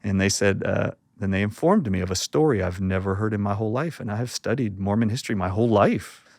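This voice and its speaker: A man's voice: fairly low pitch, fast, vocal fry, darkish tone, dry recording. Man telling a story in a dry, close sound. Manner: acts out quoted voices while telling a story. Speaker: interview guest. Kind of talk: animated storytelling in an interview.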